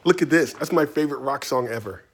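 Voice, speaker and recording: In this casual video Q&A, a Tidewater Virginia man talks fast in a mid-range voice, answering reader questions playfully and chattily from his writing studio.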